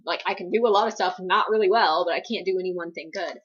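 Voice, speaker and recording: A young woman from the US East Coast chats through viewer questions on her vlog, her voice slightly breathy and husky. She rambles, fills her sentences with "like," and turns self-deprecating, all over a dull, lo-fi home recording. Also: lowish voice, fast talker. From East Coast United States. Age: young adult. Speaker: vlogger answering viewer questions. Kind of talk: casual Q&A vlog.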